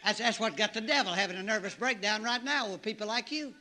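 A middle-aged man preaching a sermon, telling the story in an animated way and breaking into shouts and exclamations. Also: high-pitched, quick pace.

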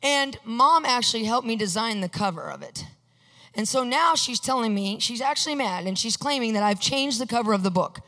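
A preacher delivers a storytelling sermon, animated and expressive, acting out the lines of the people in the story. The tone is bright and forward, and a long hall reverb trails each phrase. Now and then the preacher asks the congregation for an amen. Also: mid-range voice, a little fast. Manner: animated, acts out quotes, asks the congregation for amens.

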